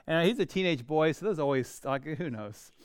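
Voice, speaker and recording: A middle-aged man preaching a sermon, telling stories in an animated way with humorous asides. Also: on the high side, moderate pace, clear, resonant tone, no room sound, clean studio sound. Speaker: pastor.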